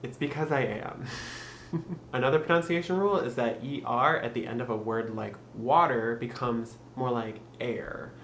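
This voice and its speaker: A man's voice: mid-range voice, fairly bright tone. Young man, casual upbeat tutor, laughs easily; echoey room, faint noise. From Michigan. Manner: upbeat, laughs often, slows for drilled phrases. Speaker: YouTube tutor.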